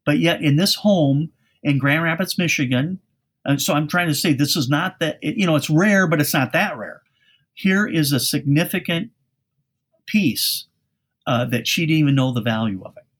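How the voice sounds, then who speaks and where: A man's voice: on the high side, normal speed, a bit bright, breathy edge. A man speaking as a guest expert on a cleaning podcast, telling anecdotes in a folksy way with frequent restarts. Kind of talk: podcast interview storytelling.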